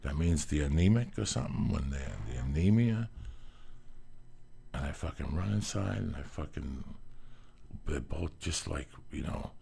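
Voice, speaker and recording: Deep gravelly guy swearing his way thru a long story, husky. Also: normal speed, pauses often. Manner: profane, animated storytelling, acts out quotes. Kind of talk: casual storytelling chat.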